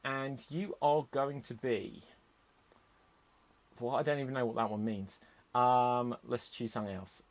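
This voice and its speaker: A man hosting a live-streamed improv comedy show over a video call, chatty, brisk and self-deprecating. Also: mid-range voice, steady tone.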